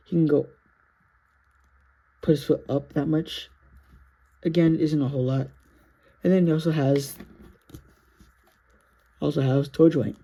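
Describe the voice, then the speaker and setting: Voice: medium pitch, slow pace, long pauses, mellow, husky. A sleepy, yawning action figure reviewer talking through a casual toy review in a rambling, self-correcting, apologetic way.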